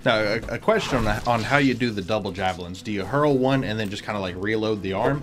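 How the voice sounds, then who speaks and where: A man playing a tabletop game, relaxed and matter-of-fact as he talks through his turn. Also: lowish voice, fast talker, noisy background. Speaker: player. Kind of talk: casual chat at a tabletop game.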